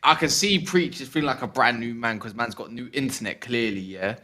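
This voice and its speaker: A man's voice: medium pitch, a little fast, a loud crowd. A man, a panelist on a video-call football show, teasing the others in slang-heavy banter. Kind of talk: casual banter on a football podcast.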